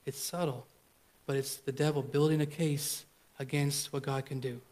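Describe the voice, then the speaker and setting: A man's voice: a little high, steady tone, normal speed, darkish tone. Man preaching with vivid retold dialogue. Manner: retells encounters in quoted dialogue, addresses congregation directly. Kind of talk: sermon storytelling.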